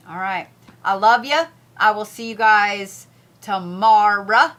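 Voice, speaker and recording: A woman's voice: mid-range voice, slow pace, a bit bright. Blunt, swearing woman doing zodiac reads. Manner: blunt, profane, repeats herself. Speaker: spiritual reader, host. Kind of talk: casual zodiac reading.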